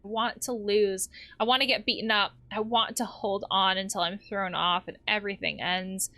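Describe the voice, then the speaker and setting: A woman's voice: mid-range voice, fairly even intonation, moderate pace, pushed and bright. A woman playing a game, reading the characters' lines aloud and adding her own comments. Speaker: let's play host.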